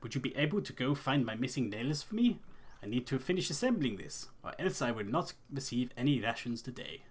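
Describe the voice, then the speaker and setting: A man's voice: mid-range voice, big pitch swings, fairly quick, slightly rough. A man voicing a fretful, complaining worker who has run out of nails in a fantasy game.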